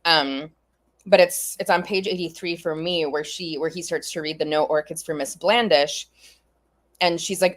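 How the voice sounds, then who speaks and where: A woman's voice: sits low, steady tone, normal speed. A woman co-hosting a casual book discussion, chatty, laughing often and retelling scenes with quoted lines. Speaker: podcast co-host.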